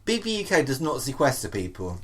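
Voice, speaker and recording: A man co-hosting a podcast, chatting casually with quick, jokey interjections. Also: mid-range voice, huge pitch swings, husky. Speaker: podcast co-host. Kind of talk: casual chat.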